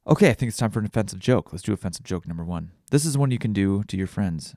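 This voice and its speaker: A man's voice: fairly low pitch, animated, fast, mellow, no echo, clean studio sound. A man hosting a casual solo podcast, rambling and self-deprecating with crude jokes. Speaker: podcast host.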